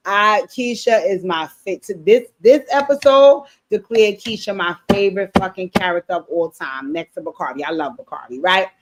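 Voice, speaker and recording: A woman giving a casual recap of a TV episode, animated and blunt, swearing freely and talking straight to her viewers. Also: medium pitch, normal speed, few pauses. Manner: animated, blunt and profane, addressing viewers directly. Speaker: TV show recap streamer. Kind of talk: casual show recap commentary.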